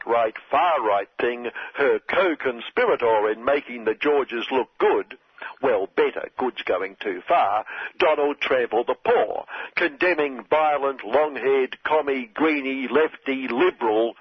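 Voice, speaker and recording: Sardonic Australian man, husky and dry. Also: medium pitch, no echo. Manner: sardonic, mock-earnest irony. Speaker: satirical commentator. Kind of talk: satirical monologue. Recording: dull lo-fi dry recording.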